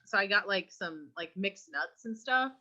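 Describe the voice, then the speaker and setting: A woman's voice: mid-range voice, animated, moderate pace, bright, forceful tone. A young adult woman co-hosting a podcast, telling a rambling anecdote full of fillers in casual chat. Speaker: podcast co-host. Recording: slightly dull lo-fi mic.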